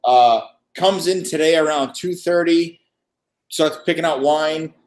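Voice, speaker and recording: Brief: male co-host, slightly high voice, animated storyteller who acts out the dialogue in a casual chat. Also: a little slow. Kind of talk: casual chat on a live stream. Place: wine shop after hours, dim lighting.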